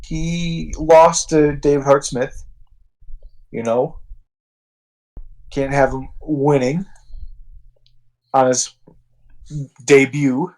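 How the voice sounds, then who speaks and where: Tipsy man, casual chat, swears a lot, rambling, a bit high-pitched. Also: steady tone, extremely slow, pauses often, a little mellow, rough recording. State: a little drunk. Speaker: co-host.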